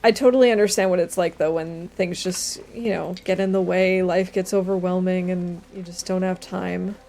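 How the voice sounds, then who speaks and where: A young adult woman streamer chatting casually while playing a game, reading chat aloud and dropping quiet asides. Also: on the low side, steady tone, normal speed, gravelly, slight background noise. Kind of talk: casual gameplay commentary.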